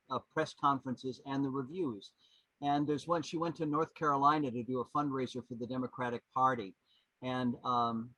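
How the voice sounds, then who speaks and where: A man in his seventies, a podcast guest and historian, telling anecdotes in an animated, rambling way with many restarts. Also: medium pitch, breathy edge, dry recording, low-quality recording. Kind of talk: anecdotal storytelling.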